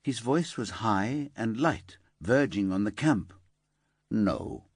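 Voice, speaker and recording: A man narrating a thriller audiobook in an expressive storytelling manner. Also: lowish voice, slow, slightly rough, dry recording, clean studio sound. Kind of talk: scripted narration.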